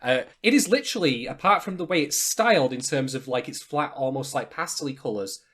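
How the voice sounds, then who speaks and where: A man co-hosts a laid-back podcast. His talk is animated and full of emphatic, salty asides. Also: medium pitch, brisk, breathy edge. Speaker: podcast co-host. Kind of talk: casual podcast chat.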